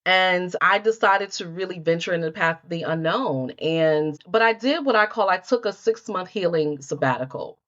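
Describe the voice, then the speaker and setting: A woman's voice: lowish voice, normal speed, few pauses, a bit bright, dull audio. A middle-aged woman, a healer and life coach, telling her story in a podcast interview and acting out her own past thoughts.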